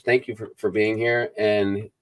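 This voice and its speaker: Low-voiced man hosting a casual live chat. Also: flat delivery, unhurried. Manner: rambling, reads viewer comments aloud. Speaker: book review channel host.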